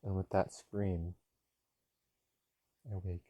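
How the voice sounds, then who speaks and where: A man's voice: sits low, level tone, slow pace, mellow, highs cut off, a little hiss or hum. A young man casually reading game dialogue aloud with offhand asides, recorded on an earbud mic.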